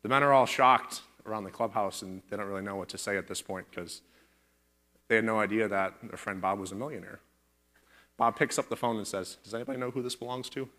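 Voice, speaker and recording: Bright-voiced man preaching casually. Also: lowish voice, fairly quick. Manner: chatty, jokey, laughing between points. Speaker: church teacher. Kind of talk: casual sermon with a joke. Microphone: corded microphone.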